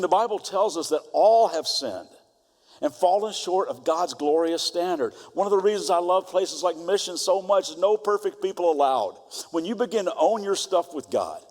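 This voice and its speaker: Middle-aged guy preaching, kinda high voice, big church reverb. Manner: impassioned preaching, dropping to quiet storytelling. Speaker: pastor. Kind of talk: sermon. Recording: long hall reverb.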